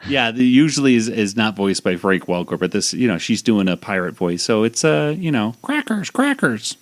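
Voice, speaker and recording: A man's voice: on the low side, a little fast. A man hosting a podcast, casually recapping a cartoon episode in a rambling way with lots of fillers and restarts. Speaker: podcast host.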